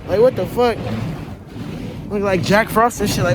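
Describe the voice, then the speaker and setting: Excitable young man vlogging a snowstorm. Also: high voice, normal speed, long pauses. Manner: profane, excitable, talks straight to his chat. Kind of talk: casual vlog talk to viewers. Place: outdoors and in a car during a snowstorm. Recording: noisy storm and car sound.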